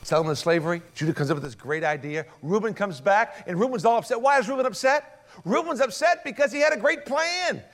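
Dramatic storytelling preacher, fairly high voice. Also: male voice, animated, fast. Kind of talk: sermon.

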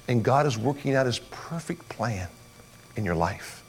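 A man preaching a sermon and retelling a story with lively, dramatic delivery. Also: medium pitch, unhurried, husky. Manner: dramatic storytelling that acts out voices.

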